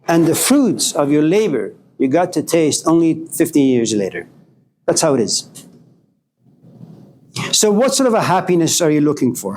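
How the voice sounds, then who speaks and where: Animated male philosophy professor lecturing. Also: a little high, slight background noise. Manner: animated storytelling, acting out dialogues with students. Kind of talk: classroom lecture. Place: classroom.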